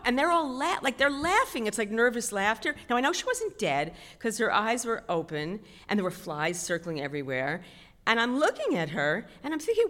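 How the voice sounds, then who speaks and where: A middle-aged woman telling a self-mocking story on stage, chatty and animated. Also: medium pitch, normal speed. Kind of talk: stand-up storytelling. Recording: long hall reverb.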